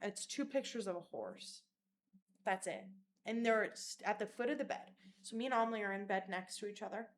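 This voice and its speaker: A young woman telling a story in a vlog, animated, dramatic and full of swearing. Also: mid-range voice, a little fast, a little hiss or hum.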